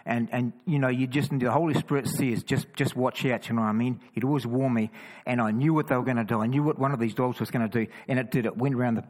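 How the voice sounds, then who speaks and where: A man with a New Zealand accent, casually telling stories of walking the roads with a cross, full of quick restarts and chatty asides. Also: medium pitch, fairly even intonation, a little mellow, poor audio. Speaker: cross-carrying Christian walker. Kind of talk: casual storytelling testimony.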